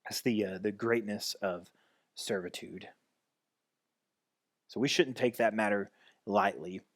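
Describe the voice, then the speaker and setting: A man's voice: lowish voice, slow. A man pastor giving a conversational sermon, restarting and repeating phrases as he goes.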